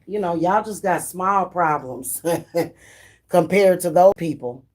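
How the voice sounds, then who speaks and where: Give me a woman psychic, chatting slowly in a slangy, profane way. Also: on the low side, darkish tone. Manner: slangy, loose and profane, laughs often. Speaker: spiritual reader and spellworker. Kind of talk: casual livestream chat.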